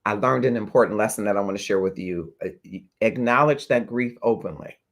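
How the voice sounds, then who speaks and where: A man's voice: fairly low pitch, a little fast, gravelly. A man hosting a talk show, speaking earnestly and reflectively to his viewers and checking in with them. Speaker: host of a talk show on grief. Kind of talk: heartfelt livestream talk to viewers.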